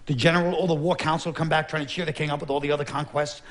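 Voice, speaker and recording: A man's voice: fairly high pitch, little pitch movement, very fast, few pauses, fairly bright tone. A man performing a sardonic stand-up comedy routine on stage before a laughing audience. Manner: wry, sardonic, conversational.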